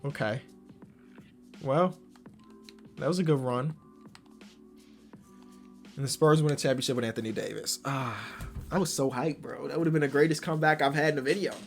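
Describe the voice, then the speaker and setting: A young man calls a basketball video game as a gaming YouTuber, his voice at a middle pitch. He drops into low muttering and then bursts into loud, excited yelling, full of slang. Faint music plays behind him. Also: moderate pace, vocal fry, long pauses. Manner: slangy, talks to himself about the game.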